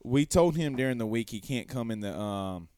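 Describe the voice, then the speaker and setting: A man's voice: mid-range voice, expressive, moderate pace, darkish tone, clear, resonant tone, no room sound. A man hosting a sports talk show, reading viewer comments aloud and rambling conversationally with rhetorical questions.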